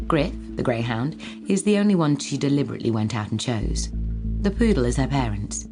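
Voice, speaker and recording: A woman audiobook narrator reading a novel in a steady, wry storytelling manner, with a music soundtrack behind her. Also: extremely low pitch. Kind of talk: scripted narration.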